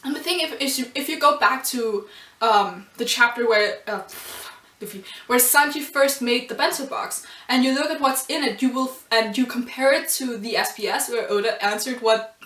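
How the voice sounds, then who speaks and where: A woman's voice: a little high, moderate pace, a bit bright. A woman reviewing a comic chapter in a casual video, gushing and emotional, with many ums and laughs. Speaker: anime and manga reviewer. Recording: roomy and distant from the mic.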